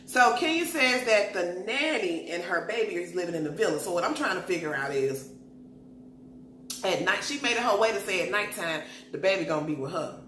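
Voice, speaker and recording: A woman recapping a reality show in an animated, slangy, gossipy way. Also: lowish voice, a little fast, a little hiss or hum. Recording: echoey room.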